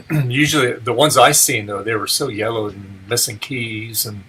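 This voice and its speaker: A man in a casual group chat who speaks in an easygoing, halting way with fillers. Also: medium pitch, pushed and bright, slightly rough, rough recording.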